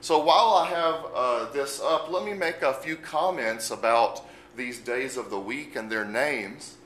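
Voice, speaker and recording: Man, language teacher, slow and patient, spells words aloud, roomy echo. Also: medium pitch, a bit bright, slight background noise. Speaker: Spanish teacher. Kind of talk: unscripted language lesson.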